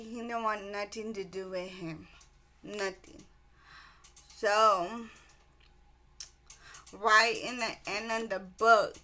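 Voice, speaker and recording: Book reviewer, female, unhurried delivery, bright edge; rambling casual recap full of restarts. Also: mid-range voice. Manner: rambling retelling with many ums and restarts.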